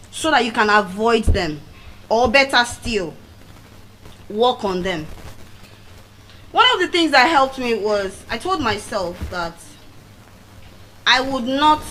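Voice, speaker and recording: A middle-aged woman with a Nigerian accent giving a motivational speech at a public event, telling personal stories with dramatic swings of pitch and loudness. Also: a little hiss or hum, low-quality recording. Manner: animated storytelling with dramatic swings in pitch and volume. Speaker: public speaker. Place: venue of a public speaking event.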